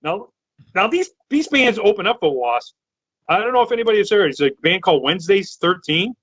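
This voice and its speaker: A loud, excitable man in his thirties, from Massachusetts, rambles through a story with many restarts. His voice is bright and forceful and sits a little high. The sound is dry and slightly dull, like a lo-fi online call. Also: a little fast, dry recording. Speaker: podcast co-host. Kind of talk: casual storytelling chat.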